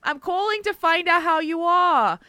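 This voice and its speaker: A woman's voice: very high voice, expressive, moderate pace, pushed and bright, dry recording, pitched above the performer's own voice, full character voice. A woman imitating her elderly grandmother, a doting older woman with a New York accent.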